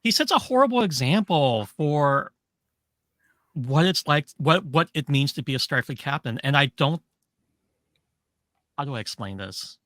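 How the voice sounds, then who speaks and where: Passionate bright-voiced man ranting. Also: fairly high pitch, sing-song, a little slow, long pauses, dry recording. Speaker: podcast co-host. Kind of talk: casual chat.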